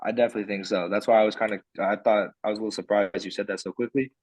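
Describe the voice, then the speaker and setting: A young man in casual sports debate as podcast co-host, excitable and quick to argue his picks. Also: lowish voice, a loud crowd.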